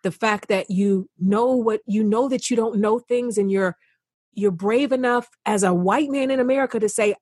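A woman's voice: fairly high pitch, moderate pace, a little mellow, dry recording, clean studio sound. A woman as a guest in a casual, heartfelt conversation on a remote call, affectionate and chatty with many restarts. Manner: affectionate, calls him honey.

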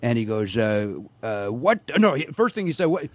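A middle-aged man, a podcast guest, telling comic stories in casual chat and putting on gruff voices for the people he quotes. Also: medium pitch, moderate pace, no echo. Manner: animated storyteller who slips into gruff voices for the people he quotes.

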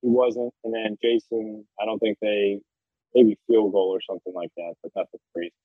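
A man's voice: lowish voice, level tone, moderate pace, husky, no echo. A man in his thirties from South Florida, a football player guest, telling laid-back stories in a casual interview. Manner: laid-back, storytelling, laughs often. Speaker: guest, NFL punter. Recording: tinny phone-line sound.

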